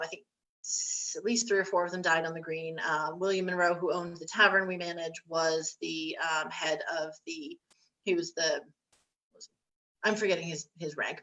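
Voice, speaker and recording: A woman's voice: fairly low pitch, fairly bright tone, low-quality recording. A woman on a history panel, telling stories in a chatty way with many fillers and restarts. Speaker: historic site staff panelist. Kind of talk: casual panel discussion.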